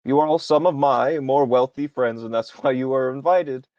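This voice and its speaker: A man voicing a flamboyant, jolly male axolotl admiral who greets guests with theatrical, gushing warmth. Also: moderate pace, no room sound, dull audio, close to an everyday voice. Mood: grandiose. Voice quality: high, gushing party-host voice.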